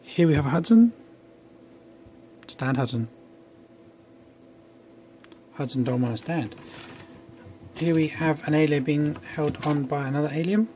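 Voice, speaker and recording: A young man reviews an action figure at home in a chatty, rambling way, tossing in self-deprecating asides. His voice sits on the high side and sounds mellow, and he speaks unhurriedly with frequent pauses. There's faint background noise.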